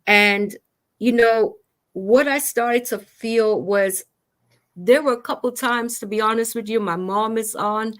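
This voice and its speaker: A woman's voice: fairly high pitch, a little slow, fairly bright tone. A woman hosting a conversation about grief, telling her own story in an earnest, emotional way. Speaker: host.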